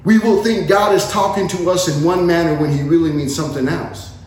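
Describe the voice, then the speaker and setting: A man with a high voice preaches in a conversational way, acting out the lines of the passage he reads. He often stops and restarts mid-sentence. His voice carries a heavy, echoing room sound. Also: a little fast, a little mellow. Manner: conversational preaching, acts out dialogue, frequent restarts. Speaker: pastor. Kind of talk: sermon. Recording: very echoey room.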